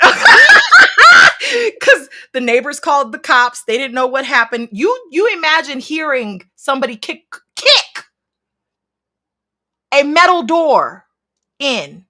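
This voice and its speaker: Bright, lively woman telling a wild story. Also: high-pitched. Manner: expressive, swears freely, acts out scenes with sudden loud outbursts. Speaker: stream co-host telling a personal story. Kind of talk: casual chat, animated storytelling.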